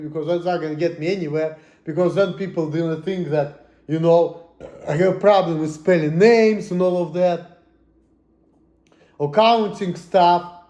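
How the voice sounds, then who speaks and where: A high-voiced man rants to the camera, cursing constantly. He swings between low muttering and sudden shouts. The room around him gives the voice a noticeable echo. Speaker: vlogger. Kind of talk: angry personal rant.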